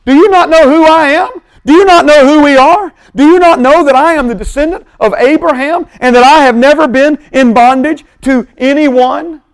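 A man's voice: moderate pace, few pauses. A man doing an indignant, affronted man. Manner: outraged, loud and high-pitched. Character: indignant proud man defending his ancestry.

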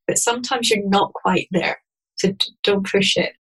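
A woman explaining a tapping technique step by step, in a gentle and calm manner. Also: mid-range voice, moderate pace, slightly rough, rough recording. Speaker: EFT practitioner guest. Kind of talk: guided instruction in an interview.

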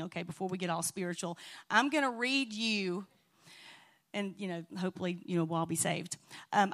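A woman telling funny stories to a church congregation in a chatty, laughing way. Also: mid-range voice. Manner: chatty and warm-hearted, laughing often. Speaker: church speaker. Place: church sanctuary.

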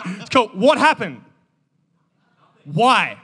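A man, preaching an energetic sermon and joking with the congregation. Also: high voice, a little fast. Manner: animated, joking, calls out to the congregation. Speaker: pastor. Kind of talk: energetic sermon with audience banter.

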